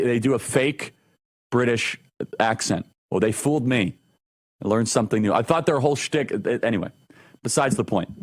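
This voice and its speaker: A man hosting a talk show, delivering an opinionated monologue with emphatic, repeated phrases. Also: medium pitch.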